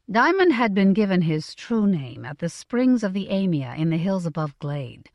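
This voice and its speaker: A woman narrating a fantasy novel as an audiobook, in a smooth, expressive storytelling manner. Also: fairly low pitch, normal speed, few pauses, dry recording, studio quality.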